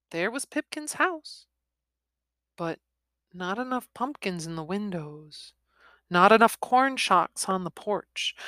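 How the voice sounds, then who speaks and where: A woman reading a story aloud in a soft, expressive voice that often drops into a whisper. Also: medium pitch, no echo. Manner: soft, partly whispered delivery.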